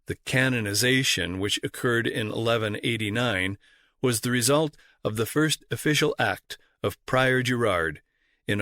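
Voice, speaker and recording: A man reading a history audiobook aloud in a measured, formal narration style. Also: medium pitch, fairly bright tone, no room sound, studio quality. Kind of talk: scripted narration.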